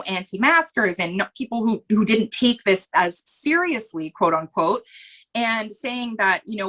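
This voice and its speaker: A woman's voice: mid-range voice, bright, forceful tone. Earnest, candid woman as podcast guest. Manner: earnest and candid, emotional at times; speaks in long rambling runs with repeated phrases. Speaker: interview guest. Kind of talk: podcast interview conversation.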